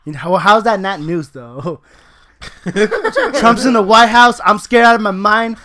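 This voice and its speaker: A man's voice: high voice, unhurried, sharp tone. A man co-hosting a casual podcast chat, joking and laughing often at his own lines. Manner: laughs often, jokey and self-mocking. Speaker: podcast co-host.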